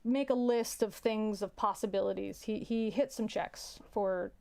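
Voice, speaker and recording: A young adult woman who works as a teacher tells a story in a casual, halting way, often repeating words and sighing. Her voice is medium in pitch, creaky and a little mellow.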